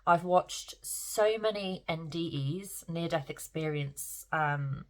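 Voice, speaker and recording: A woman's voice: low-pitched, takes it slowly. Candid, teary woman vlogging. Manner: rambling, candid, tearful, swears freely. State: emotional, close to tears. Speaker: spiritual vlogger. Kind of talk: casual talk to camera.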